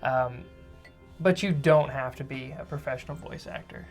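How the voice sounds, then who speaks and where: A man co-hosting a podcast in casual chat, who calls himself a fast talker. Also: mid-range voice, creaky, soft background music. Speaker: podcast co-host.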